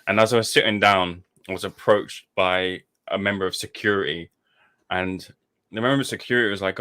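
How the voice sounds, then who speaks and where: A man's voice: low voice, fairly quick. A man, a podcast guest, telling a story in casual chat and acting out the people he quotes. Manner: animated, acts out quoted voices, laughs often.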